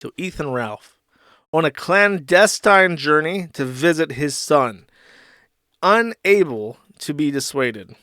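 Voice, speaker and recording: Sarcastic commentary guy, kinda high voice, dry close mic, swears a lot. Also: animated, takes it slowly, sharp tone, dry recording. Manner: sarcastic, mocking, swears freely. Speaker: commentary show host. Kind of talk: casual online commentary.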